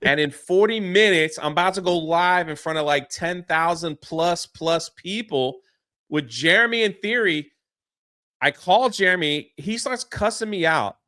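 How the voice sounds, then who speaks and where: A man telling a story as a podcast guest, excitable and quick to act out what others said. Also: high-pitched, dry recording, studio quality. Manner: excitable, swears mildly, acts out quotes. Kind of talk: animated storytelling.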